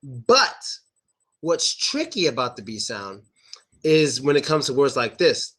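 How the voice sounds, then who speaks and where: A young man teaching English pronunciation, repeating words slowly and exaggerating the sounds. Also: medium pitch, big pitch swings, a bit bright, breathy edge. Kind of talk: online pronunciation lesson.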